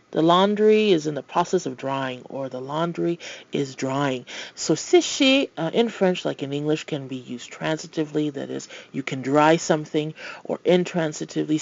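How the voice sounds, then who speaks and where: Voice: mid-range voice, gravelly, darkish tone, no echo, dull audio. A language tutor giving a recorded lesson, explaining patiently with playful asides and reading French example phrases.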